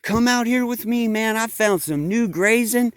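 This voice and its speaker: A man voicing an eager male sheep who pleads with his flock in a high, excited voice. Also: normal speed, clean tone, no room sound.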